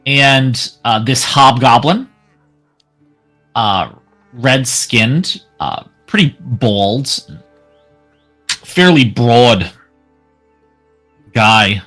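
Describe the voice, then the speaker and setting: A man's voice: mid-range voice, bright, forceful tone. A young man narrating as game master, hesitant and full of fillers. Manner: hesitant, lots of uh and um.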